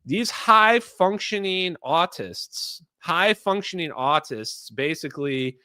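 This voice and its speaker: A man's voice: on the high side, lively intonation, slow pace, pushed and bright, smooth, dry recording, studio quality. A middle-aged man commenting on clips during a live stream, emphatic and opinionated, talking straight to his chat.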